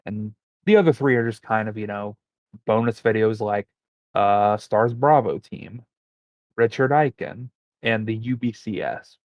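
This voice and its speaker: A man with a fairly low voice talks unhurriedly in a casual podcast chat, rambling as he looks things up mid-conversation. He's a co-host, and the lo-fi recording has no echo.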